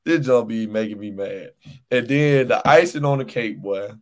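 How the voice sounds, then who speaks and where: A man's voice: medium pitch, moderate pace. Young male podcast co-host, mid-range voice, emphatic rambling rants. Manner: animated, emphatic ranting with repeated phrases. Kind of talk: casual sports chat.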